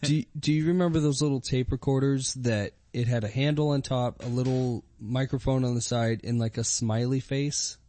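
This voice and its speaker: A man's voice: medium pitch, fairly even intonation, moderate pace, few pauses, dark tone, no echo. A man in his thirties telling a story in casual chat, swearing and laughing often.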